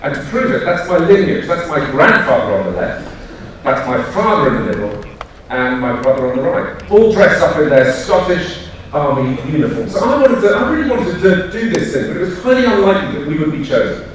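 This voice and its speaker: A man's voice: on the high side, expressive, brisk, a little hiss or hum. A British man giving a live conference talk in a loose, anecdotal way, full of fillers and self-corrections. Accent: British English. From United Kingdom. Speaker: conference speaker. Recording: echoey hall, speaker far from mic.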